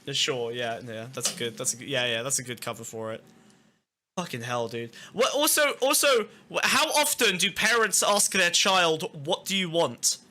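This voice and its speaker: A man co-hosting a podcast, reacting to clips in incredulous, animated and sweary commentary. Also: on the high side, moderate pace, slight background noise. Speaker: podcast co-host.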